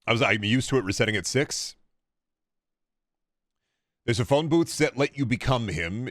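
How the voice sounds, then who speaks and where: A man's voice: medium pitch, animated, normal speed, pauses often, fairly bright tone, dry recording, clean studio sound. A young man streaming a video game, rambling and swearing casually as he plays and chats with viewers. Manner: rambling, profane, chatting with viewers while playing. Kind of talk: casual gameplay commentary.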